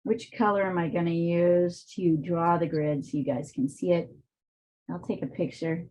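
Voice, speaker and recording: A woman's voice: on the low side, fairly even intonation, normal speed, lo-fi sound. A woman art teacher with a weak, strained voice, chatting and thinking aloud while she demonstrates drawing in a live online class, with plenty of fillers.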